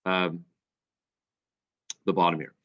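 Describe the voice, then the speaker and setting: A male math teacher explaining calculus step by step, a bit congested and clearing his throat now and then. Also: sits low, level tone, slow, fairly bright tone, highs cut off. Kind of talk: recorded calculus lesson.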